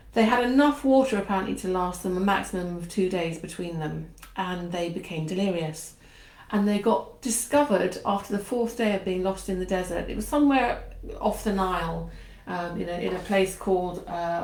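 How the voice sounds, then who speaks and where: A woman chats casually from her home conservatory, wandering through asides as she introduces a reading. Her voice sits at an ordinary middle pitch. The glass room gives it a roomy echo. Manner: chatty and meandering, with frequent asides. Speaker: channel host. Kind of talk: casual talk before a book reading.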